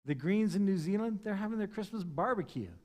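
A man preaching a sermon as pastor, moving from loud, stressed points to quiet, hushed lines and acting out the words of scripture figures. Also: high-pitched, animated, a little fast. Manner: impassioned, swings between loud emphasis and hushed tones.

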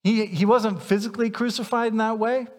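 Man, pastor, sermon, emphatic, bright higher voice, long church-hall reverb. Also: steady tone, fairly quick. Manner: emphatic, challenging the congregation directly.

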